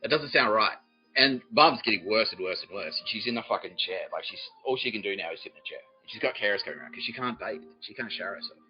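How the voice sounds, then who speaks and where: A man's voice: lowish voice, expressive, quick pace, hardly any pauses, muffled recording, faint music behind. A man hosting a comedy podcast, telling a long, profane, rambling story with many restarts. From Australia. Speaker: podcast host.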